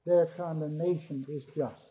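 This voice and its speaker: A man with a fairly high voice lectures a class on theology, alternating scripture readings with step-by-step explanation. He lifts his voice to stress key words. The recording is muffled and lo-fi. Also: steady tone, normal speed. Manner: reads scripture aloud, then explains point by point. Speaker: theology teacher.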